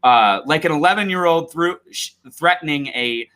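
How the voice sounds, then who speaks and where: A man's voice: on the high side, moderate pace. A man co-hosting a podcast, chatting casually and laughing often. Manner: laughs often, reacts loudly. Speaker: podcast co-host. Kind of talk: casual chat.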